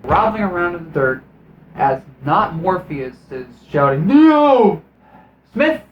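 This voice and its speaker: A man's voice: a little high, lively intonation, normal speed, echoey room, dull audio, a little hiss or hum. Profane, sarcastic man ranting about a film. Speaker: movie reviewer. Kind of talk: casual ranting film review.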